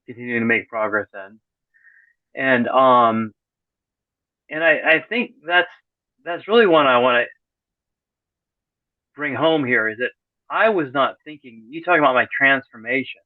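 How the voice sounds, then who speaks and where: A man's voice: mid-range voice, no echo. A middle-aged man, a podcast guest, talks casually in an interview, rambling and correcting himself as he goes, with dry, sarcastic humor. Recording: tinny phone-like call audio.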